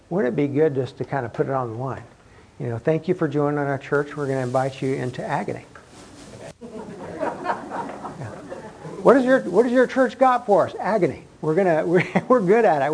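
A man's voice: on the high side, gravelly, a little mellow, breathy edge, low-quality recording. A man preaching a sermon to a congregation in a church room, talking conversationally with frequent restarts. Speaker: pastor.

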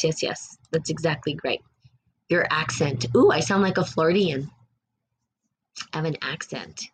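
Livestream host, woman, New Mexico accent, low voice, earnest and repetitive, chats with viewers. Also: husky. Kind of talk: spiritual livestream chat.

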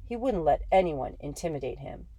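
A woman reading a first-person story aloud in a steady, measured way. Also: low-pitched, breathy edge. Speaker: audiobook narrator.

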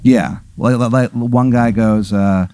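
A man's voice: medium pitch, fairly even intonation, slow, mellow, clean tone, no echo. A man improvising a comic story, rambling and acting out what other characters say.

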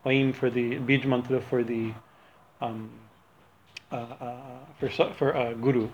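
Speaking a bit slowly at medium pitch with little rise and fall, a male religious teacher rambles through an informal talk, fixing his own words and laughing a lot. Slight background noise sits under the dull, lo-fi audio.

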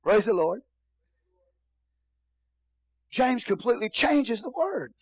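A man's voice: very high-pitched, sing-song, slow, no room sound, poor audio. A male pastor preaching a sermon in a church, repeating phrases and calling out hallelujah.

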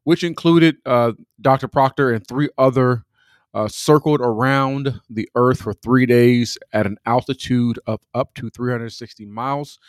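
Casting: podcast co-host, man, easygoing and unhurried, mid pitch, dry close mic. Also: clear, resonant tone, no echo. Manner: relaxed, halting with fillers and restarts. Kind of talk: casual chat.

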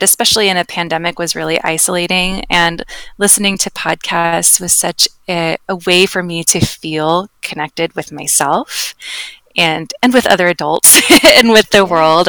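Woman, yoga teacher, calm and gentle, creaky, dry close sound. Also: lowish voice, no room sound. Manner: calm and gentle, thoughtful pauses. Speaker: yoga teacher and author, podcast guest. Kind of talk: casual interview chat.

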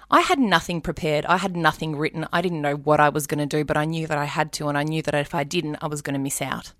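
An Australian woman in her forties with a lowish voice tells a personal story, lively and expressive, slipping into her past self's thoughts as she goes. The sound is close and dry, with no room around it. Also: quick pace, hardly any pauses, dry recording. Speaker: guest, radio announcer. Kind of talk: storytelling in a casual faith interview.

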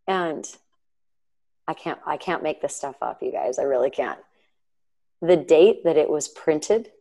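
A woman in her thirties co-hosts a podcast, sharing a personal faith story. She talks earnestly and chattily, with fillers and asides to her listeners. Her voice sits a little low for a woman. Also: darkish tone, low-quality recording. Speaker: podcast co-host.

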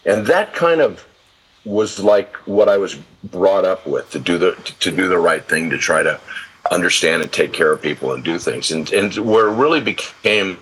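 A man in his sixties from California, guesting on a podcast, speaks in an extremely low, gravel-edged, husky voice. He tells loose, salty stories, often restarting his sentences as he goes. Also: expressive, moderate pace, fairly bright tone, low-quality recording. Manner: rambling, profane, with many restarts. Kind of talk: casual storytelling interview.

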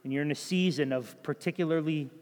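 A man's voice: on the high side, quick pace, darkish tone. A man preaching a sermon as pastor, earnest and direct, pressing his points in short repeated phrases. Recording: long reverb of a large hall.

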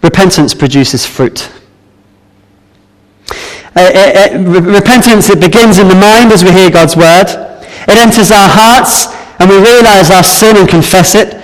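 A man preaching a sermon, explaining a Bible passage in an earnest, measured way. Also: sits high. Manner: earnest, measured Bible exposition with some restarts. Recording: reverberant hall.

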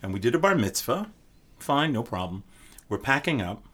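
An older man, a drummer, telling stories as a guest in a casual podcast chat, animated and quick to laugh. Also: medium pitch, breathy edge. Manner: animated storyteller, bursts into laughter.

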